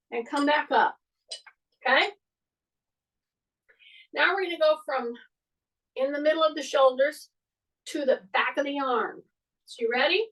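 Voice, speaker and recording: A woman with a high voice leads an exercise class and talks through each move as she demonstrates it. She keeps repeating cues to breathe and drop the shoulders. She sounds a little distant from the microphone. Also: measured pace, pauses often, bright, forceful tone. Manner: coaching, repetitive breathing cues, demonstrating moves. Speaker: fitness instructor. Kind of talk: guided workout instruction.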